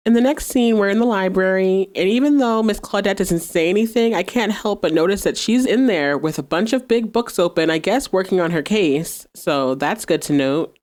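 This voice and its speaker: Recapping an episode on her podcast, this host speaks at normal speed in a medium-pitched, slightly mellow voice with few pauses. She keeps it chatty, laughing frequently and performing the characters' dialogue.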